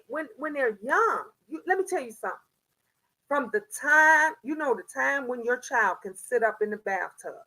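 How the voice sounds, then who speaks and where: High-voiced older woman scolding on a livestream. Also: poor audio. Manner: animated, scolding, slangy storytelling. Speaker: live-stream host. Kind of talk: live-stream chat with viewers.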